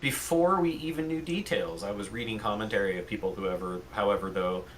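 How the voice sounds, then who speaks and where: A man co-hosting a casual political podcast lays out facts in a measured way, with a few restarts. His voice sits somewhat low. A faint background noise runs under the recording. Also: a bit bright, poor audio. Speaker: podcast co-host.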